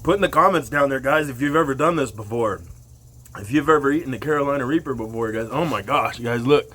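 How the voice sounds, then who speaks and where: A man vlogging casually to the camera while his mouth burns, eyes watering and nose running, talking slowly and breaking into loud whoops. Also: mid-range voice.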